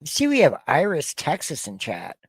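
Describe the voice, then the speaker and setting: A man's voice: a little high, wildly swooping pitch, normal speed, husky, dry recording. A man in his forties to fifties hosting a casual reaction podcast, talking bluntly and profanely and often stumbling over repeated words. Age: 40s to 50s. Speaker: podcast host. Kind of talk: casual reaction-show banter.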